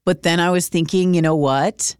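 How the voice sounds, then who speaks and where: A woman's voice: on the low side, fairly even intonation, normal speed, smooth, no echo. A middle-aged woman co-hosting a family trivia podcast, with dry, self-mocking banter as she guesses answers. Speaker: podcast co-host and trivia contestant. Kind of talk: casual radio podcast chat.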